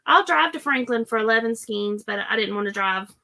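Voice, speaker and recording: A woman's voice: a little high, expressive, a little fast, gravelly, bright, forceful tone. A woman with a Southern US accent hosting a casual live-stream chat and reading viewer comments aloud. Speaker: host.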